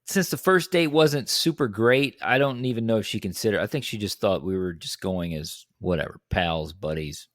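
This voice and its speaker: A young man in a casual podcast chat, telling a story in an animated way and acting out quotes in a higher voice. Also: moderate pace, few pauses, dry recording, studio quality. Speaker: podcast co-host.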